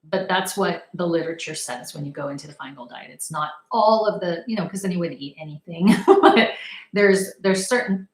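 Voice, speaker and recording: A woman's voice: on the low side, normal speed, echoey room, poor audio. A woman telling a personal story in a casual, rambling way. She laughs often and acts out her past reactions. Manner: chatty, rambling, laughs often, animated retellings. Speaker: vlogger sharing personal experience.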